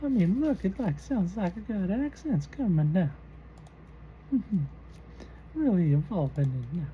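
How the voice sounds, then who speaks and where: A woman voicing a croaky elderly person with a throaty, slow, drawn-out way of talking. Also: lowish voice, sing-song, lo-fi sound, slight background noise, pitched above the performer's own voice. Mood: drawling. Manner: drawn-out, slowed speech.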